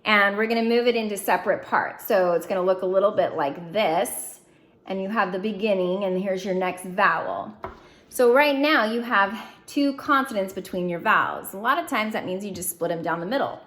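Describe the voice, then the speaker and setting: A woman teaching a phonics lesson, drilling syllables slowly and clearly with encouraging prompts. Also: mid-range voice, a bit bright. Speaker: reading teacher. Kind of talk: phonics lesson to young students.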